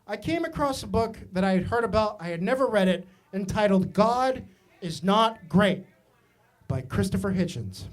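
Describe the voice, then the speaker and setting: A man from Maine telling stand-up comedy stories, animated and self-mocking, with asides to the audience. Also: sits high, moderate pace. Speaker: stand-up comic.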